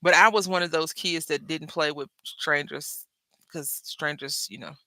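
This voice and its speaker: A woman hosting a crafting video, chatting and telling stories while she works, acting out quoted lines with big jumps in pitch and dropping to soft murmurs when she concentrates. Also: steady tone, a little slow, dry recording. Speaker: crafting channel host. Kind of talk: casual chat while crafting.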